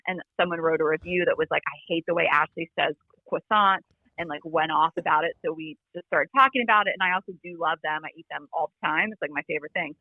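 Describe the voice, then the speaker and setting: A woman chatting as a podcast guest over a remote call, talking quickly with lots of "like" fillers and a fry in her voice. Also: deep voice, no room sound. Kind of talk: casual chat. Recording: phone-like remote line.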